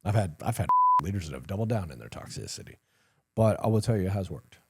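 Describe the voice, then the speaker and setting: Husky deep-voiced man, lively storyteller. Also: fast talker. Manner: animated, acts out quoted dialogue, swears casually, laughs at himself. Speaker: retired command sergeant major, guest. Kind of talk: candid conversational storytelling.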